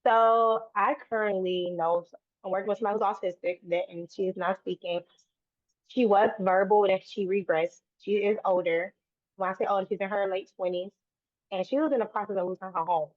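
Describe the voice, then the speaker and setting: Brief: woman guest, earnest and rambling, mid-pitched, dry tinny phone-like sound. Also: fairly even intonation, a little fast, no room sound. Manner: earnest, run-on sentences with frequent restarts. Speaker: guest, autism advocate. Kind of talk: conversational interview.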